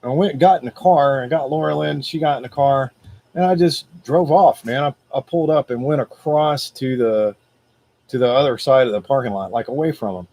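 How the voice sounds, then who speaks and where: A man hosting a motivational video, telling a personal story in a casual, animated, slangy way. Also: medium pitch, a little fast. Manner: greets viewers live by name.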